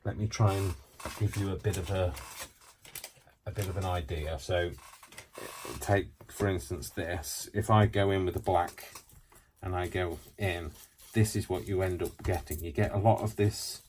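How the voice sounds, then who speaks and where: A very low-pitched man talks through a craft demonstration at a home craft table. He is chatty and rambling, breaking off into joking asides about himself. A faint hiss sits behind his voice. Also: steady tone, a little slow, a little mellow. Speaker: craft tutorial host.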